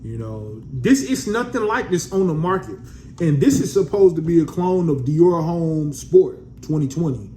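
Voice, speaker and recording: A man's voice: a little high, big pitch swings, normal speed, warm tone, a little hiss or hum. Laid-back man reviewing a fragrance. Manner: laid-back, slangy, calls viewers family. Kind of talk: casual vlog review.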